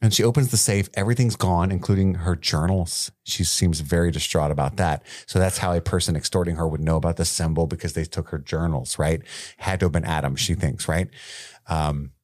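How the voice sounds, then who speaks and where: A man's voice: low-pitched, brisk, no echo, clean studio sound. A man co-hosting a podcast, recapping an episode in casual chat, swearing and acting out the characters' lines. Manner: animated, swears, acts out quotes. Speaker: podcast co-host.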